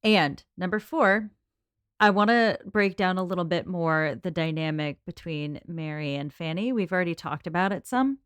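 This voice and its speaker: Woman cohost running the podcast questions, lowish smooth voice, chatty and organized. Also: moderate pace, a bit bright, no echo, clean studio sound. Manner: leads the segments, organized and talkative. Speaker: podcast co-host. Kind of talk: casual book discussion.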